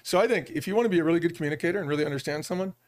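Fast, animated middle-aged man. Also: fairly high pitch. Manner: animated storyteller who acts out quoted dialogue. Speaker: podcast guest, business leader. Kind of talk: podcast interview.

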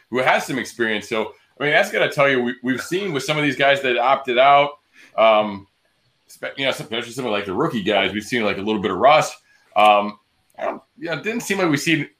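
Male podcast host, bright tense tone, rambling delivery, casual sports chat. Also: medium pitch. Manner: loose and rambling, many restarts.

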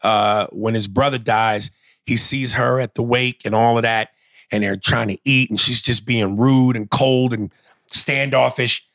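A man in casual chat, animatedly recapping a TV show, with profanity and loud outbursts. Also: mid-range voice, fairly even intonation, a little slow.

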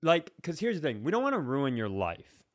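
A man's voice: a little high, wildly swooping pitch, brisk, no room sound, studio quality. A man co-hosting a comedy podcast in casual chat, teasing his partner and asking rambling questions full of restarts. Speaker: podcast co-host.

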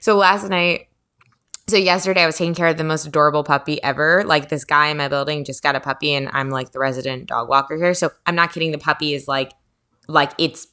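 Chatty woman podcast host, lower voice. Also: fairly even intonation, fast, bright, forceful tone. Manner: chatty, full of "like" fillers. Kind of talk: casual chat.

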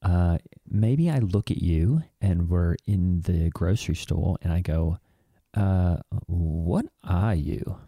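A man plays a touchy megachurch dad with a Kiwi or Aussie accent, earnest and aggrieved, rambling through his complaints with restarts. His voice is very low and mellow. It sounds close and dry, with no room around it. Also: slow, no room sound, exaggerated voice. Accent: New Zealand or Australian. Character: touchy devout megachurch dad, easily offended. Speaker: podcast co-host. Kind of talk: improvised satirical character comedy.

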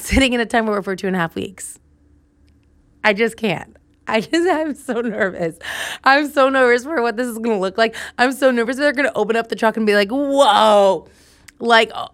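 A woman's voice: medium pitch, a bit bright, no echo. A young woman hosting a solo podcast, telling a story in a chatty way and laughing often. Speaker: podcast host.

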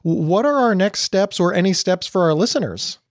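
A man's voice: sits high, lively intonation, normal speed, dry recording, clean studio sound. A man hosting a podcast, talking earnestly in a casual way, often restarting his words. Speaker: podcast host.

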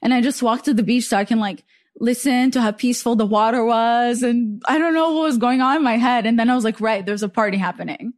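Chatty young woman, higher voice. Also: steady tone, a little fast. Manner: chatty storytelling, many "like" fillers. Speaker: podcast host. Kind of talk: casual chat.

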